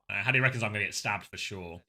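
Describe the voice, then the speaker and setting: Bright laughing male esports caster. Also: fairly low pitch, a little fast. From United Kingdom. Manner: laughs often, bright joking banter. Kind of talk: casual co-casting and play-by-play.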